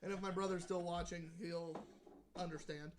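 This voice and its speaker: A man's voice: sits high, little pitch movement, normal speed, noisy background. A man co-hosting a casual podcast, telling a story with swearing and frequent laughs. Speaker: podcast co-host. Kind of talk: casual chat.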